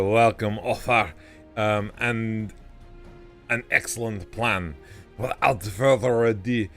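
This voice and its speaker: A man's voice: mid-range voice, bright, forceful tone. A man chatting with friends over a game, getting flustered and stumbling over his words. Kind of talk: casual chat over a game.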